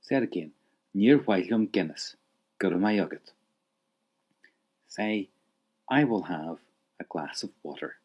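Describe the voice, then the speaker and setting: Slow, husky man teaching a language. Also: deep voice, expressive, a little mellow, highs cut off. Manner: patient, encouraging, prompts the listener to repeat. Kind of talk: spoken language lesson with drills.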